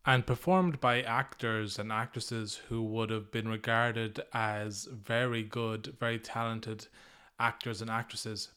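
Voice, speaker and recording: Flat-voiced, smooth man giving opinions. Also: mid-range voice. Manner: opinionated, conversational. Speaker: podcast host. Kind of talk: solo podcast commentary.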